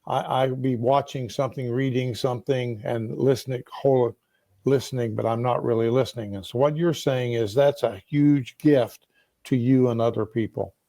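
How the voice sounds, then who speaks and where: A man's voice: medium pitch, fairly even intonation, moderate pace, gravelly, dark tone, dry recording. A man hosting an interview who reflects on what his guest says and sums up her points in an affirming way. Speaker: interviewer host. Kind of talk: conversational interview.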